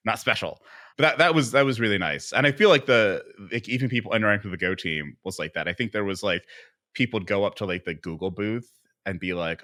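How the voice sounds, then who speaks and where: A man co-hosting a podcast, chatting casually and telling rambling, animated stories with lots of fillers. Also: low voice, a little fast. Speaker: podcast co-host. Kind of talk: casual panel chat.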